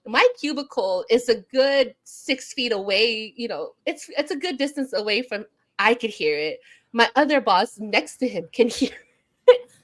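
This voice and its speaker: A woman's voice: on the high side, moderate pace. Laughing woman telling a work story. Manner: animated storyteller, laughs often, acts out quotes. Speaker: podcast co-host. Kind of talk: casual chat, storytelling.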